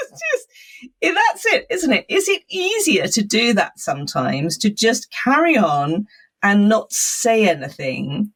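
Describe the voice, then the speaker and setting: A woman's voice: on the low side, fairly bright tone. A woman being interviewed as an expert guest on a podcast, explaining things in a thoughtful, conversational way with frequent laughs.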